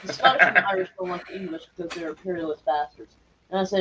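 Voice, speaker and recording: A woman's voice: on the low side, steady tone, fast, sharp tone, a little hiss or hum, rough recording. A woman hosting a casual chat, rambling and laughing often. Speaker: streamer host.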